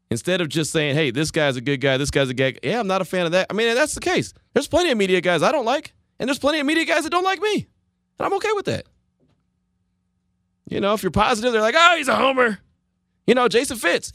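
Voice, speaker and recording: Sports radio host man, high lively voice, opinionated, dry close mic. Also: dry recording. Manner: animated, opinionated, swinging up and down. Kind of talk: casual opinionated radio talk.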